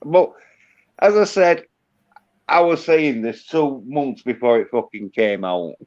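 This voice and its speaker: A man's voice: mid-range voice, lively intonation, slow, darkish tone. Yorkshire man, crude casual chat, lo-fi. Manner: crude, swears a lot, drawls. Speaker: host. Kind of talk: casual banter. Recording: dull lo-fi sound.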